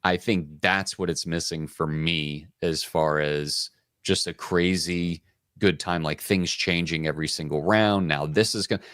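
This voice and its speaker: A man with a very low voice co-hosts a board game call-in show. He chats casually and rambles through his stories, acting out what people said. His voice sounds dry and close. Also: steady tone, measured pace, fairly bright tone, no echo. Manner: rambling storyteller, acts out quoted dialogue. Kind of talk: casual chat.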